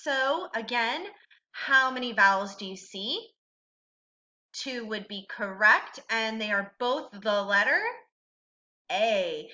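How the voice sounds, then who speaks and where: Slow, bright-voiced woman teaching phonics. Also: fairly high pitch, lo-fi sound. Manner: slow, patient, encouraging, asks and answers own questions. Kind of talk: recorded reading lesson for a child.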